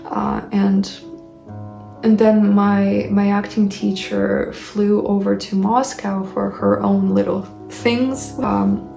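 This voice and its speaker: A woman's voice: mid-range voice, creaky, darkish tone. A woman in her early twenties, an English teacher, candidly telling a personal story in an emotional, rambling way full of fillers. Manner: emotional, rambling, heavy use of "like". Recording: roomy echo with faint music behind.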